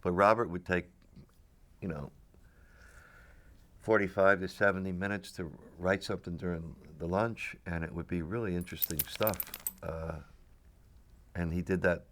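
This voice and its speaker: A man's voice: sits low, fairly even intonation, moderate pace, long pauses, fairly bright tone. A middle-aged man telling rambling stories in a casual interview. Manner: rambling storyteller with restarts and laughs. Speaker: actor, interviewee.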